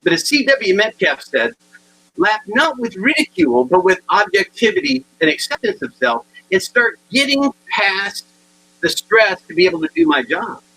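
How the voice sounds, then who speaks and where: A man in his sixties giving a humorous motivational talk, animated and acting out the people in his stories. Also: sits high, normal speed, husky, rough recording. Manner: animated storyteller acting out dialogue. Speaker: keynote speaker.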